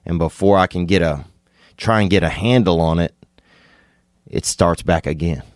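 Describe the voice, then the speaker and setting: A man, hosting a podcast and rambling through an absurd comic monologue, laid-back with sudden excited bursts. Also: deep voice, moderate pace, no room sound, studio quality. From Louisiana. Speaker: podcast host.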